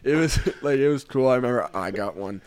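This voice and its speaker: A man's voice: medium pitch, fairly quick, noisy background. A young man, a hockey player guest, chatting casually on a podcast and laughing often as he tells stories. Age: young adult. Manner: animated, laughs often while talking.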